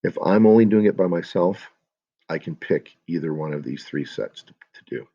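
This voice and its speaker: A man's voice: sits low, lively intonation, moderate pace, mellow, lo-fi sound. A man teaching a class, giving step-by-step instructions for a student project and speaking directly to his students.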